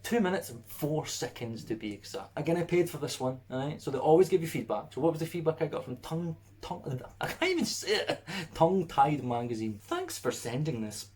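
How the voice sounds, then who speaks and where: A musician in a casual vlog, sarcastic, laughing and swearing. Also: male voice, a little high, lively intonation, a little fast, darkish tone.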